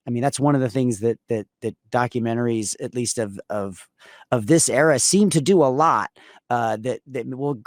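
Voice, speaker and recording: A man's voice: mid-range voice, no room sound, studio quality. A man co-hosting a casual podcast, talking in long rambling sentences with frequent restarts. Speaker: podcast co-host.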